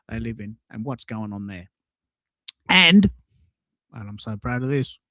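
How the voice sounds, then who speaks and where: A man's voice: medium pitch, no echo. Eager man, dry close sound. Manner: enthusiastic, repeats and restarts words. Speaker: podcast co-host. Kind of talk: casual chat.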